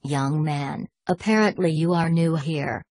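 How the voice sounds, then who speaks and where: A woman voicing a pompous, scheming older British knight on crutches, haughty and sharp-tongued. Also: low-pitched, a little slow, husky, no room sound. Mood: imperious.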